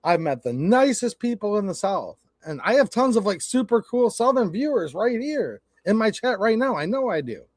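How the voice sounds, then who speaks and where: A man's voice: sits high, big pitch swings, normal speed, few pauses, dry recording, clean studio sound. A man from Michigan with a Michigan accent, hosting a casual livestream rant, blunt and swearing as he tells stories. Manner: blunt, swearing, storytelling with quoted exchanges. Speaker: channel host.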